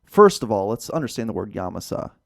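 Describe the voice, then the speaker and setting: A man co-hosting a casual podcast, joking in an animated, mock-serious way. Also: on the low side, brisk, creaky, dry recording, clean studio sound. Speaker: podcast co-host.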